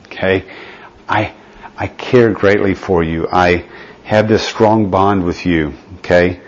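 Lower-voiced man teaching a Bible study. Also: fairly even intonation, slow. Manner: explanatory, often checks in with listeners. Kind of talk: conversational Bible study lesson. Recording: dull lo-fi recording.

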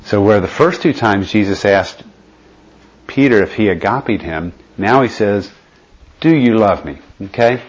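A man with a fairly low voice leads a conversational Bible study. He explains patiently and pauses often to check that his listeners follow. The recording sounds dull and lo-fi. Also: animated.

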